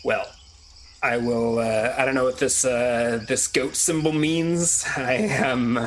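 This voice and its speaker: A man's voice: mid-range voice, measured pace, a bit bright, a little hiss or hum, low-quality recording. A man playing a tabletop role-playing game, chatty and thinking aloud with many restarts. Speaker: player. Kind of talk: casual tabletop game play.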